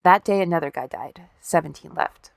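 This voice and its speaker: A woman's voice: low voice, moderate pace, vocal fry, dry recording, studio quality. A woman co-hosting a podcast, casually telling a story with wry, profane asides and acted-out quotes. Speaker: podcast co-host.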